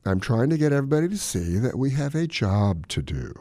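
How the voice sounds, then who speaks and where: A man who is a cardiologist, hosting a radio show and telling stories in a casual, animated way. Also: fairly quick, no room sound. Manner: animated storyteller, lively pitch swings.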